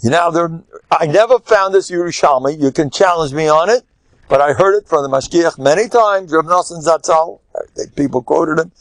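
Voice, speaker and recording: An older man, a rabbi giving an animated lecture, emphatic with sudden loud bursts and a chatty, storytelling way. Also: a little high, moderate pace, dry recording.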